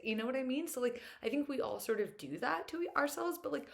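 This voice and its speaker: A woman's voice: on the high side, very animated, normal speed, gravelly, few pauses. A young woman talking to camera in a casual reflective monologue, chatty and upbeat, full of filler words and open about her feelings. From United States. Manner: earnest and openly emotional at times. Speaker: vlogger.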